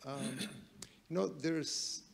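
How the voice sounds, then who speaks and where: A man's voice: on the high side, drawn-out words, vocal fry. A man in the audience asking a hesitant question at a conference, with many fillers. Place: conference hall.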